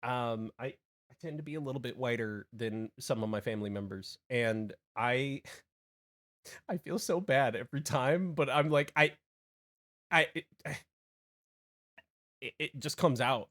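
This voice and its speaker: A young man from Hawaii talks casually to his stream chat at a middle pitch. He rambles, stumbles over restarts and breaks into quick laughing asides. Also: fairly bright tone. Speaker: game streamer.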